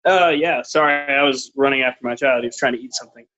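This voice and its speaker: A man's voice: medium pitch, fast, pushed and bright, muffled recording. A man in a casual video call chat, talking hesitantly with many fillers. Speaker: course member.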